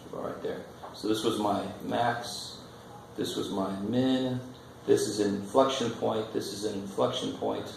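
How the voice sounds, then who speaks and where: A man's voice: lowish voice, steady tone, a little slow, vocal fry, darkish tone. Casual male math teacher in an echoey classroom. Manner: casual, joking, thinks aloud at the board. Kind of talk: classroom lecture. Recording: echoey classroom with faint noise.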